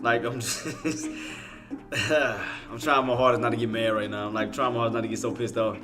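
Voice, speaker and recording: A man's voice: mid-range voice, fairly even intonation, normal speed, over music. A man giving live commentary on his trading, exasperated, swearing and talking straight to his chat viewers. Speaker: day trader streaming to viewers.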